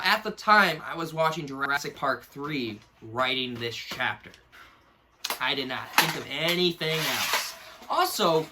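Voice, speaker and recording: A man's voice: medium pitch, very noisy. A young man in casual, rambling commentary, mocking himself and laughing often as he reviews something he wrote as a kid. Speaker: YouTuber reviewing his own childhood book.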